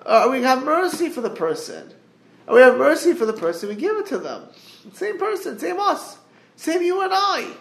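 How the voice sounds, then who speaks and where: A man giving a Torah class over a group call, earnest and halting, quoting Hebrew verses and translating them. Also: extremely high pitch, sing-song, creaky, reverberant. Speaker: Torah teacher. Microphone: group call line.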